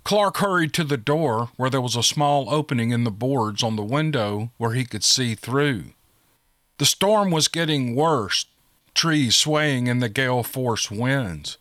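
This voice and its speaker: A man giving steady, scripted narration of a monster-hunting audiobook. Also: medium pitch, a little slow, no echo, clean studio sound.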